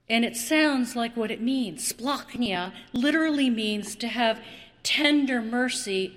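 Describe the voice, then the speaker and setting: A woman preaching a sermon, slow and dramatic, with long pauses and repeated words. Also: a little high, big-room sound.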